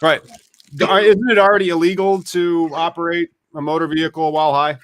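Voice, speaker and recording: A man's voice: on the high side, level tone, a little fast, fairly bright tone, no echo. A man hosting a live podcast, chatting casually and wryly about news as it happens. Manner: chatty, wry, talks over tech trouble. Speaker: podcast host.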